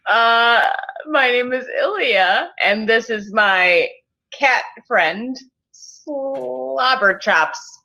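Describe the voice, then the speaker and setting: Brash, bright-voiced woman player. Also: fairly high pitch, expressive, slow pace, low-quality recording. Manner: brash, playful, swears. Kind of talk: playing a character in a tabletop game.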